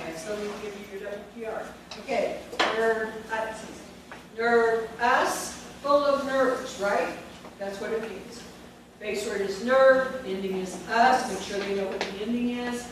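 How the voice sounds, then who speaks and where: A woman leading a spelling lesson for teachers, firm and directive, repeating and drilling each word. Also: fairly high pitch. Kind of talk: classroom teaching demonstration. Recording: echoey room from far off, background noise.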